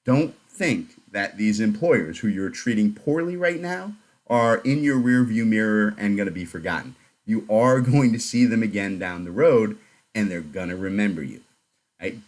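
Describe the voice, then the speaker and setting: Man, podcast host, low voice, casual, teasing, outspoken. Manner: joking, blunt and chatty.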